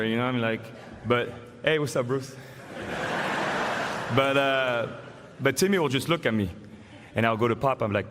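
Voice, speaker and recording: A man's voice: medium pitch, fairly bright tone. French-accented man speaking in a big hall. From France. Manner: casual, halting, with fillers and laughs. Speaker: honoree giving an acceptance speech. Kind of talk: emotional acceptance speech. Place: large arena stage. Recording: long hall reverb, faint noise.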